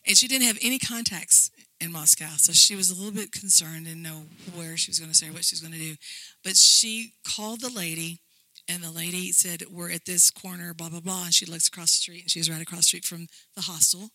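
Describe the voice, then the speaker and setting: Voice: medium pitch, fairly quick, pushed and bright, dry recording, poor audio. A church minister telling a rambling, earnest faith story while presenting slides. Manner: rambling, earnest testimony with frequent restarts. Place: lives in Brussels.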